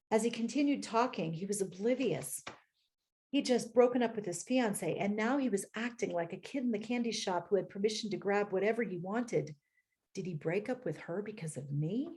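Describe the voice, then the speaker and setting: A woman reads passages from her own memoir in a slow, reflective way, stopping now and then for short asides. Her voice is mellow and warm rather than bright, with pitch in the middle range. It sounds like a home computer mic on a video call. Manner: measured, reflective reading with personal asides. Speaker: author.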